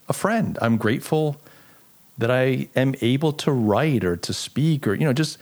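A man's voice: mid-range voice, a little mellow. A middle-aged man hosting a solo podcast, talking in an earnest, reflective way and telling stories with frequent restarts. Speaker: podcast host. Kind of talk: casual solo podcast monologue.

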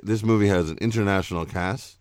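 A man's voice: on the low side, brisk, a little mellow, no echo, clean studio sound. A man hosting a casual movie podcast, teasing his co-host and joking, saying he is loaded. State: says he is intoxicated.

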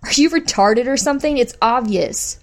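A woman's voice: on the high side, expressive, moderate pace, voice pushed up. Storybook role: a belligerent young woman dog handler, raised, contemptuous and swearing, voiced by a woman narrator. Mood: hostile.

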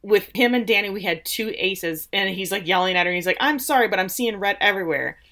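Bright-voiced woman animatedly retelling. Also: medium pitch, fast. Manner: animated storytelling, acts out quoted lines. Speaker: podcast co-host. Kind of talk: casual chat recapping a show.

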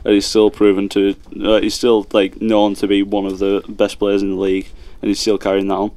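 A young man co-hosting a student radio show, chatting in a laid-back, halting way. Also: fairly low pitch, completely flat delivery, a little mellow, no room sound. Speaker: co-host. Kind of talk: casual chat.

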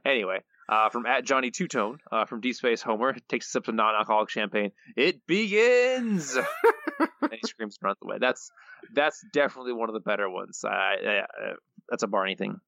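A man's voice: on the low side, fairly even intonation, fast, gravelly, bright, forceful tone, no room sound. A man co-hosting a podcast, reading out listener quotes in a playful way and laughing often. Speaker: podcast co-host.

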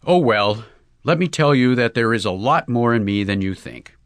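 A man's voice: medium pitch, normal speed, clear, resonant tone, dry recording, close to an everyday voice. Man doing an eager young golfer in love. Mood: indignant. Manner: earnest, excitable, slangy.

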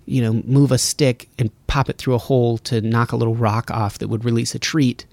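A man's voice: mid-range voice, little pitch movement, a little fast, vocal fry, darkish tone, no echo. A man hosting a solo podcast from his home studio, rambling casually and breaking off his own sentences. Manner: casual, rambling, self-interrupting. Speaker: podcast host.

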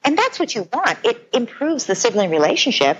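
A woman's voice: fairly high pitch, sing-song, brisk, breathy edge, dull audio. Earnest woman explaining parenting ideas. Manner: earnest, explains through vivid scenarios and quoted voices. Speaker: parenting expert guest. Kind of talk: conversational explanation.

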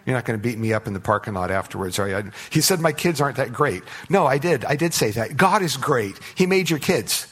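Male pastor, preaching a sermon, emphatic, rhetorical questions, stumbling restarts, mid-pitched voice. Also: animated, fairly quick, hardly any pauses, breathy edge. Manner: emphatic, rising to loud declarations, with rhetorical questions to the congregation; frequent stutters and restarts.

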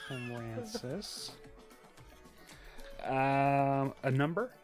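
A man hosting a casual comedy chat and running a word game, animated and excitable. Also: mid-range voice, drawn-out words, faint music behind.

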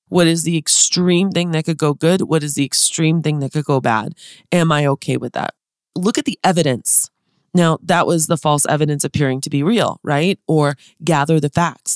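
A woman's voice: low voice, no room sound, studio quality. A woman in her thirties hosting a motivational podcast, talking to listeners in an upbeat, chatty, direct way. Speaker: podcast host and business consultant.

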